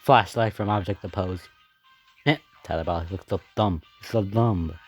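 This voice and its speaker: A man giving casual reaction commentary on his own old animation, excitable and rambling, often laughing and gasping between thoughts. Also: sits low, measured pace, husky, faint music behind. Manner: excitable and rambling, with many fillers, laughs and gasps.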